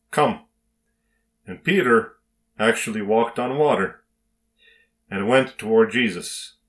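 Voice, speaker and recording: A man reading a Bible story aloud and preaching on it in a slow, emphatic devotional style with dramatic pauses. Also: lowish voice.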